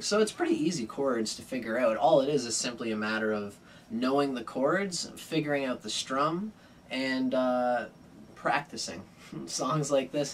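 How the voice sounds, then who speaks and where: A young man casually explaining a guitar song, relaxed and rambling with many fillers. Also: medium pitch, far from the mic, a little hiss or hum. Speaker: guitar teacher. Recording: loud guitar over the voice.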